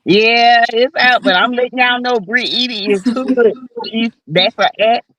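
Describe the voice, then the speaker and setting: A woman's voice: a little high, measured pace, a bit bright, no echo, rough recording. A woman panelist on an online talk show, giving blunt, emphatic opinions in casual chat.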